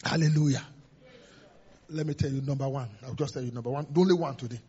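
A man's voice: medium pitch, fast, dark tone, slightly rough. A man preaching a sermon as pastor, emphatic and repetitive, sometimes laughing and acting out voices. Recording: dull lo-fi sermon recording.

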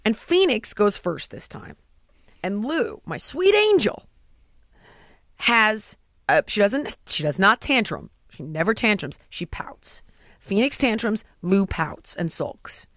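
A woman's voice: medium pitch, very animated, takes it slowly, a bit bright, dry recording, studio quality. A woman, telling stories in a casual chat and mimicking the voices of other people.

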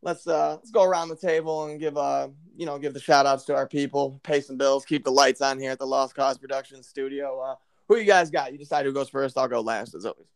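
A man's voice: medium pitch, fairly even intonation, fairly quick, vocal fry, no room sound. A man hosting a podcast in loose casual chat, rambling and profane with lots of fillers. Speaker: podcast host.

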